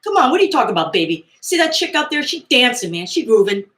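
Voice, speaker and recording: A woman's voice: fairly high pitch, sing-song, fast, a bit bright, voice pushed up. A woman voicing a slick male disco DJ who coaxes in streetwise slang. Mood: coaxing. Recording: roomy echo.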